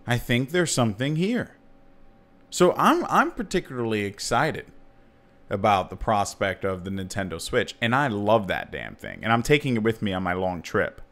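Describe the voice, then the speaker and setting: A man's voice: lowish voice, normal speed. A man in his thirties hosting a podcast, chatting casually and jokily, with his voice leaping up to stress points. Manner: animated and jokey, voice leaping up for emphasis. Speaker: podcast host. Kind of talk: casual chat.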